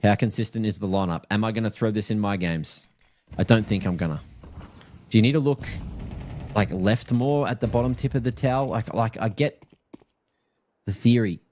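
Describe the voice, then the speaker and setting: Joking male esports caster, lowish voice. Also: normal speed, pauses often, a little mellow, a little hiss or hum. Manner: chatty and joking, teases players and viewers. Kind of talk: live play-by-play game commentary.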